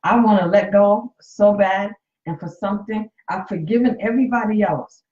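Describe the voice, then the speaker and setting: A woman's voice: mid-range voice, moderate pace, warm tone, roomy sound, muffled recording. A woman in her late fifties, a coach and nurse, talks candidly and emotionally to viewers during a casual live stream from her phone. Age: 50s.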